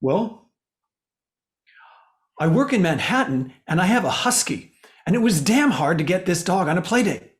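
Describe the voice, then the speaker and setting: A man's voice: sits high, big pitch swings, normal speed, pauses often, pitched above the performer's own voice. A man quoting a frank city dog owner. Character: plain-spoken male city dog owner.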